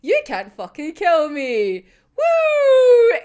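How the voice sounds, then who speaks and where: A woman's voice: high voice, sing-song, takes it slowly, a little mellow, a little hiss or hum, full character voice. A woman mimicking a cocky young man in a boastful, taunting voice.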